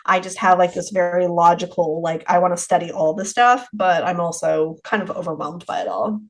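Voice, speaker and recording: A middle-aged woman talking as a podcast guest in a relaxed, rambling way, with many restarts and trailing clauses. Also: lowish voice, a little fast, low-quality recording. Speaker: haunted rental owner, podcast guest. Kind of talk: casual interview chat.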